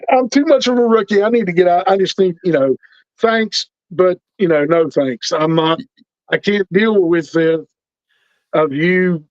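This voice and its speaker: An interview guest in middle age recounts his experiences in a slightly high voice through casual storytelling. He animatedly performs the other people in each exchange, quoting what they said. The dull lo-fi audio has no room sound.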